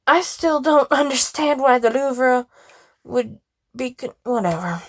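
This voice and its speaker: A woman's voice: sits high, expressive, measured pace, no echo. Woman narrating a story with chatty asides. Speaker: reader of a game story. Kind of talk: first-person story narration.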